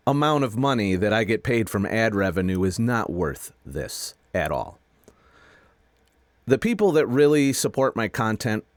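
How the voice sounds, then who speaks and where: A middle-aged man in an angry, profane rant, stumbling over his words and starting over. His pitch swings widely as he vents. The recording is dry and close, with little room sound. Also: no room sound. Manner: angry, profane, halting with restarts. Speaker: video creator. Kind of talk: frustrated personal rant to camera.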